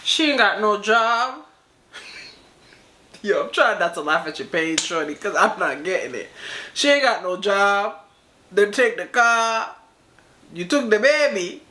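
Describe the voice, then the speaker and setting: A woman's voice: medium pitch, animated, a little slow, long pauses, bright, forceful tone. A woman hosting a reaction video, talking casually in slang, laughing often and speaking straight to the person in the clip.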